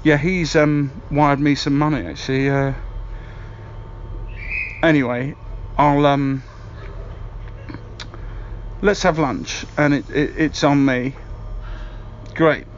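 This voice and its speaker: A man's voice: fairly high pitch, steady tone, takes it slowly, long pauses, muffled recording, a little hiss or hum. An actor playing a chatty, fumbling man leaving a voicemail in a comedy sketch, hesitant and full of ums. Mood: awkward chummy.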